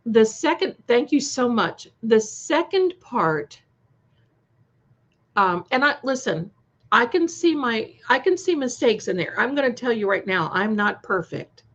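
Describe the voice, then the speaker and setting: Slow chatty woman on a live stream. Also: a little high, big pitch swings, fairly bright tone. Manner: slow, chatty, reacting to viewer comments with frequent restarts. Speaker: co-host of a live stream premiere chat. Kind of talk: casual live-stream chat. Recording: slightly dull lo-fi sound.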